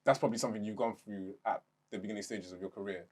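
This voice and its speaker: A man's voice: fairly low pitch, fairly even intonation, rapid-fire. A man hosting a casual podcast interview, asking questions hesitantly with many fillers. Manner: hesitant questions, frequent backchannels. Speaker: podcast host.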